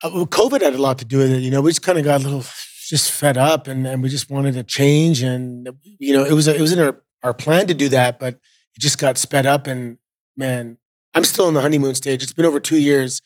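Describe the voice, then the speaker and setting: A middle-aged Canadian man, a former wrestler guesting on a podcast, tells stories in a relaxed, casual interview chat loaded with fillers. His voice is medium-pitched and brisk, captured with clean studio quality and no echo.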